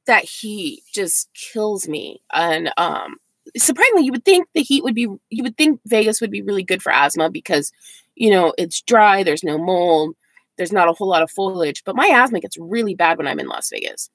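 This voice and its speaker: Here a forties-aged American woman in a van-life vlog rambles through a casual live chat with viewers, sprinkling in lots of likes and ums. She speaks at normal speed in a mid-range voice with big swings in pitch, with no echo present.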